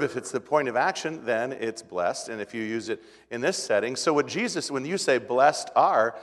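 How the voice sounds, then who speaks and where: A middle-aged man delivers a sermon in a homey, conversational manner. He stumbles through restarts, then climbs in pitch and volume to stress his points. His voice carries a long hall reverb from the sanctuary, in a middling register. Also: a bit bright. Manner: folksy, conversational preaching with restarts and rising emphasis. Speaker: pastor.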